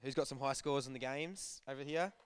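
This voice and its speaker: A young youth preacher gives a casual, joking sermon to a youth group. He's chatty, telling stories and acting out bits of dialogue in a medium-pitched voice at a fairly quick pace, with slight background noise.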